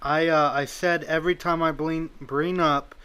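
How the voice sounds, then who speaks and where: A young man of nineteen hosts a casual interview over a voice call, his voice sitting a touch high and sounding bright and forward. He hesitates and restarts often while asking questions. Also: fairly even intonation, normal speed, clear, resonant tone. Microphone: computer mic on a voice call.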